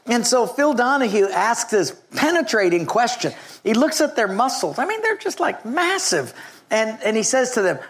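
Preacher in a sermon, animated storyteller, prompts the audience to respond. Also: mid-range voice, normal speed, slightly rough. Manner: storytelling, animated, calls on the congregation.

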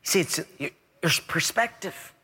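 A man preaching a sermon as pastor, an animated storyteller who acts out the voices in his stories. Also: unhurried. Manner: animated storyteller, acts out quoted voices with big pitch swings. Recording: echoey hall reverb.

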